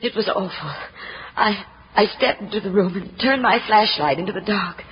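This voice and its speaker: A woman's voice: medium pitch, animated, normal speed, a little hiss or hum, lightly acted. An actress playing a young woman who stammers and gushes in 1940s radio drama, on a dull reverberant old recording. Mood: frightened. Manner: breathless, stammering, gushing. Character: frightened young woman, the doctor's daughter.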